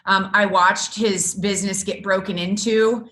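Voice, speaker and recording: A middle-aged woman, a business coach, chatting in an interview and telling lively stories with frequent laughter. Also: medium pitch, unhurried, slight background noise. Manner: animated storyteller, laughs often. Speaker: guest, business coach for photographers. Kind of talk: casual interview chat.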